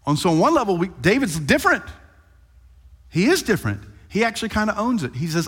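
A male pastor preaching a sermon in a lively, conversational storytelling manner, addressing his congregation directly. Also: sits high, normal speed, long pauses, slightly rough. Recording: long hall reverb.

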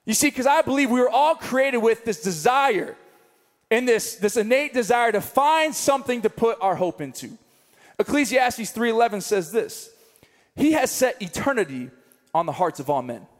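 A young man preaching a sermon, telling a story with animated comic asides. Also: very high-pitched, moderate pace. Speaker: pastor. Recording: long reverb of a large hall.

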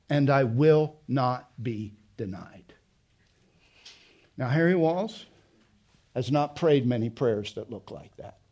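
Passionate slow-preaching pastor, higher voice. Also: male voice. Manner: passionate preaching, swings from loud to hushed. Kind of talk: sermon.

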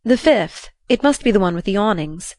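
A woman voicing an eager young man, a son asking quick, earnest, bewildered questions, read in a dry, close sound for a storybook. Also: medium pitch, expressive, a little mellow, dry recording, close to an everyday voice.

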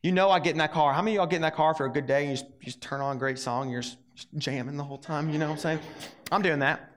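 A young man with a high, light voice preaches in a loose, conversational way. He tells the story with plenty of energy and slips into the voices of its characters as he goes. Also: very fast. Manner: animated, acts out the story's characters. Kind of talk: casual storytelling sermon.

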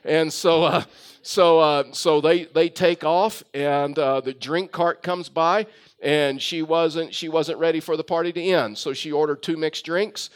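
A man's voice: a little high, steady tone, a little slow, clean tone. A man preaching a sermon, telling a story with frequent fillers and restarts. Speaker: pastor.

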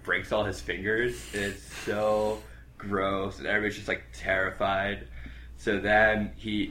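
A man's voice: fairly low pitch, sharp tone, a little hiss or hum. A young man in casual chat, rambling through a story recap with lots of fillers and acting out characters' lines.

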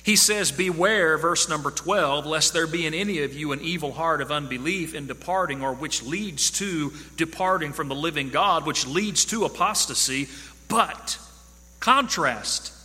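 Male preacher, high and very bright tone, emphatic and repetitive delivery, hall reverb. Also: normal speed. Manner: emphatic, repeats key phrases for stress. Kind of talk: sermon.

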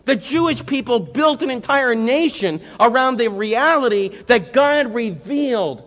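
A male pastor preaching a sermon in a church with impassioned delivery that swings between quiet and loud. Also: high-pitched, lively intonation, measured pace. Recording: long hall reverb.

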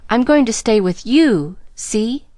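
A jittery young woman digs in her heels, talking fast and plain in country grammar, as a woman reader puts her on. Her voice sits a little higher than the narration, in a dry close sound. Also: expressive, dark tone, dry recording. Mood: insistent. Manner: hurried, insistent, rural grammar. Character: troubled young woman, nervous and defiant.

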